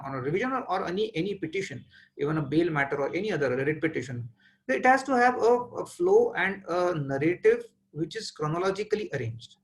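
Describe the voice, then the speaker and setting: A man with an Indian English accent, in his forties, delivers a webinar lecture. His voice sits high for a man and has a gravelly texture. He talks in a measured way, often stopping on "uh" while he gathers his thoughts. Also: slight background noise, poor audio. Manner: measured, thinking aloud with frequent "uh" pauses. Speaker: trial lawyer lecturing.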